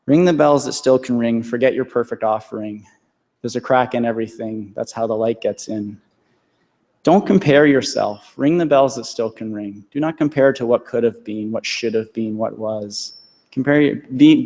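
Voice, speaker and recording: Delivering a convocation address to a large hall, a man in his thirties speaks earnestly in a warm, medium-pitched voice. He repeats phrases for emphasis as the hall's reverb echoes around him.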